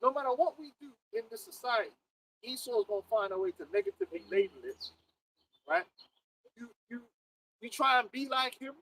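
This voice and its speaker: A man, preaching in casual livestream chat, animated and laughing, often repeating words. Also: extremely high pitch, a little fast, vocal fry, long pauses, low-quality recording.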